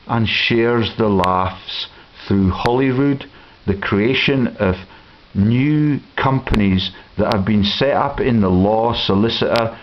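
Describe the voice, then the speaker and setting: A man campaigning, giving a slow, accusatory commentary over film clips. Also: lowish voice. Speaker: political campaigner. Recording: dull lo-fi with hiss.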